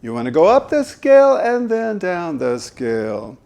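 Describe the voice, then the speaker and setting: A man's voice: sits high, wildly swooping pitch, moderate pace, vocal fry, darkish tone. A man working as a voice coach, giving an instructional talk and demonstrating voice faults with emphatic delivery.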